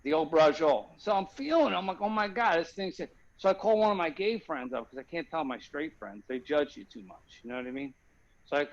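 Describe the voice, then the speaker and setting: A man's voice: medium pitch, gravelly, muffled recording. Man rambling through a comic story. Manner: rambling, keeps asking "you know what I mean?". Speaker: guest comedian. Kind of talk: comedic storytelling on a video call. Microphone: video call.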